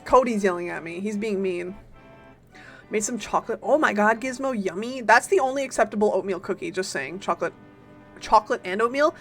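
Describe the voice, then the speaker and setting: Playful, excitable woman streaming a game. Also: mid-range voice, faint music behind. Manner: playful and excitable, greeting chat, quick bursts of teasing. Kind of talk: casual live-stream chat with viewers.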